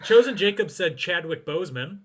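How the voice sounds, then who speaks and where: Bright-voiced man sharing trivia. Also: sits high, animated, fairly quick. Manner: hesitant, many fillers. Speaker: podcast co-host. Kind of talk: casual chat, reading out movie trivia.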